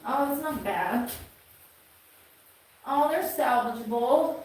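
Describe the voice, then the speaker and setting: A woman's voice: on the high side, expressive, takes it slowly, darkish tone. Twangy North Carolina woman, echoey room. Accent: North Carolina Southern twang. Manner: drawling, blunt, swears casually. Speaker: live streamer. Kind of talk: casual rambling chat to viewers. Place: indoor room, rain outside. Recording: echoey room, faint noise.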